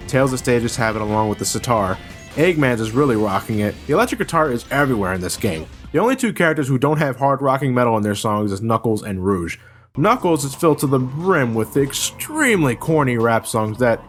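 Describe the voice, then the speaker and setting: A man reviews a video game in a comedic voice-over, and his pitch swings widely as he rants. His talk is salty and exasperated, and it jumps into sudden shouts. Game music plays faintly under him.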